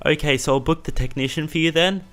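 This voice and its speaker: An overly polite male call-centre agent with a put-on Indian accent, as a man acts him out. He sits noticeably higher and brighter than the speaker's normal deep voice, and he answers everything in a singsong, repetitive way. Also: fast, faint music behind, close to an everyday voice. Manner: singsong, repeats "okay, okay".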